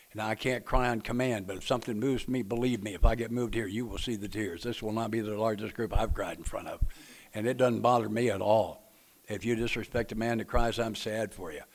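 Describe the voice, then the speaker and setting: A man from Tennessee, leading a recovery book study and talking to a group in a plainspoken, folksy way with jokes for the audience. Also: mid-range voice. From Nashville, Tennessee. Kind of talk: speaker-meeting talk to a group.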